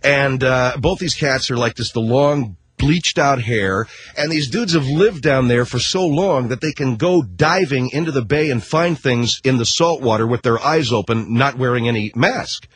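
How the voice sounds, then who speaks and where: A man's voice: mid-range voice, moderate pace, hardly any pauses, husky, no room sound. A middle-aged man hosting a talk show, telling a rambling, sarcastic comic rant with casual swearing and constant self-corrections. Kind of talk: comedic rant monologue.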